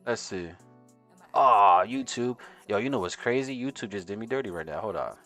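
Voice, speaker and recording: Hosting a laid-back day-trading stream, this New York-accented man is hyped and winded, tossing out slang and singing along while music plays faintly in the background. He speaks at normal speed in a lowish, expressive, slightly bright voice.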